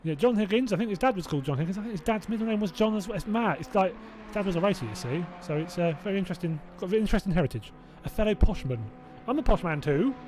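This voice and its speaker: A man from Hertfordshire, England, with a southern English accent, commentates a sim race live, chatting and rambling with viewers between calls. His voice is high and animated with a darkish tone, racing along with hardly any pauses, over slight background noise. He's chatty and rambling, drops self-doubting asides and laughs to himself.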